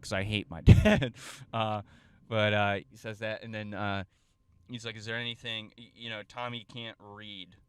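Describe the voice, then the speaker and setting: This young host's voice is fairly low, smooth and level, at a moderate pace. He's telling a story on his podcast in a loose, profane, self-mocking way, with lots of fillers and false starts.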